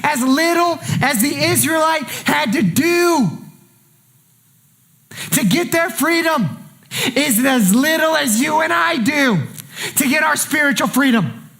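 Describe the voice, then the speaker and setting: A man preaching a sermon as pastor, impassioned and colloquial, swinging between quiet lines and shouted ones and repeating phrases for emphasis. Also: very high voice, lively intonation, slow pace, creaky, pauses often.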